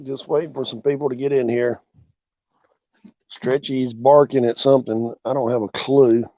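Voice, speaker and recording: A man's voice: medium pitch, flat delivery, moderate pace, no room sound. A laid-back man with a drawl chats casually on a livestream from his porch. He greets viewers by name as they arrive. The sound is dry and close, with a dull, lo-fi quality. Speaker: channel host. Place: outdoors on a porch.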